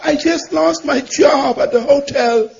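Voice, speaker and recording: A woman's voice: sits high, a little slow, vocal fry, a little mellow. A preacher voicing a weeping, desperate mother. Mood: distraught pleading. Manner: tearful, pleading. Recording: dull lo-fi recording.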